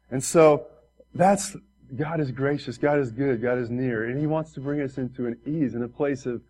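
A pastor preaching an earnest, conversational sermon in a church room, often turning to address the congregation directly. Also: male voice, medium pitch, darkish tone, poor audio.

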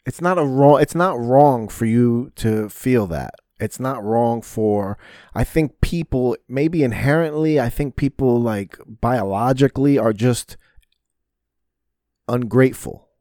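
A man's voice: medium pitch, slow, mellow, dry recording, studio quality. A man hosting his own podcast in a casual solo rant, rambling and swearing often, with frequent fillers and restarts. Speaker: podcast host. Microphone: podcast mic.

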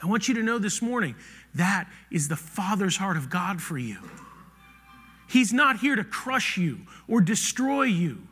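A bright, high-voiced man preaching with lively, wide-ranging inflection. He moves from loud emphasis to hushed, near-whispered lines. The sound carries the long reverb of a hall. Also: slightly rough. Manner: animated, swings from loud to hushed. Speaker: pastor. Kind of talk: sermon.

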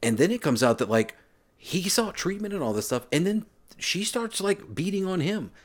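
A man co-hosting a podcast in casual chat, ranting in an animated, incredulous way. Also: high voice, moderate pace. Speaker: podcast co-host.

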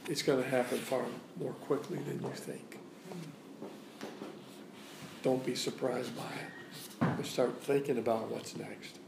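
A man's voice: medium pitch, fairly even intonation, slow, vocal fry, pauses often, roomy sound, background noise. A man giving a sermon as a guest preacher in a church, preaching in a conversational way and repeating phrases for emphasis. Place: church sanctuary.

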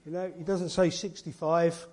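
Brief: man, church elder preaching, warm husky voice, fairly high, earnest and conversational. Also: little pitch movement, normal speed. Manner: earnest, chatty preaching with rhetorical questions and asides. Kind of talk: informal sermon.

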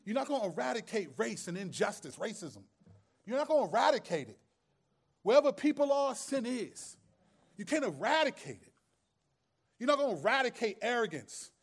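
A man's voice: very high voice, big pitch swings, normal speed, breathy edge. A man preaching a sermon as pastor, conversational and streetwise, with humor and rhetorical questions.

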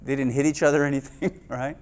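A male pastor giving a conversational sermon, often checking in with the listeners with "right?" and swinging between louder and quieter delivery. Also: medium pitch, fairly even intonation, fast, smooth.

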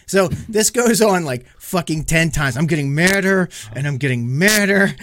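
A man's voice: a little high, moderate pace, a little hiss or hum. A man co-hosting a casual podcast chat, telling stories with a lot of swearing and acting out his own angry outbursts. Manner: profane animated storytelling, acts out his own rage. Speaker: podcast co-host.

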